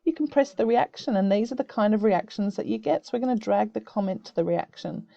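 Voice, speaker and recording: A woman who teaches young students, explaining a video-call tool step by step in a gentle, encouraging way. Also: mid-range voice, brisk, gravelly, no echo, muffled recording. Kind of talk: screen-recorded tutorial for children. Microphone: computer mic on a video call.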